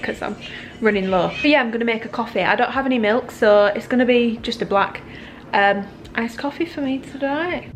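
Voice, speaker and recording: A young woman in her early twenties with an English accent, chatting casually and rambling in a home vlog, filling her talk with lots of "like". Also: on the high side. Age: early 20s. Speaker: fitness vlogger.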